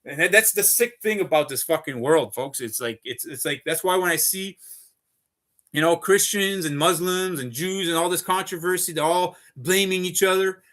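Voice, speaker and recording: On a live stream, a man launches into an unscripted, rambling rant packed with swearing, repeating himself and calling his viewers "folks." His voice sits high and a bit bright, at normal speed.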